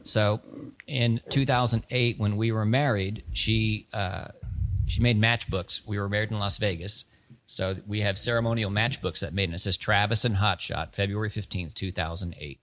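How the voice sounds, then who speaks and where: A man's voice: on the low side, steady tone, normal speed, a bit bright. A man who owns a winery, a guest in casual chat, with a dry teasing humor.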